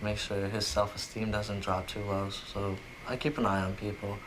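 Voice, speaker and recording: Young guy, kinda low voice, talks earnest with lots of ums, noisy background hiss. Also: little pitch movement. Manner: earnest, plain-spoken, with pauses and fillers. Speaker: camp participant, young father. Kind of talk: documentary interview and candid phone call. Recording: noticeable background noise.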